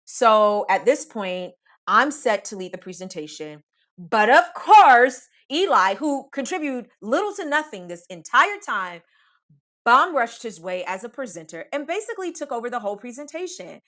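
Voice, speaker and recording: A woman's voice: a little high, moderate pace. A woman telling a comic first-person story on her podcast, emphatic and profane, talking straight to her listeners. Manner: animated, emphatic, profane, addresses listeners as "y'all".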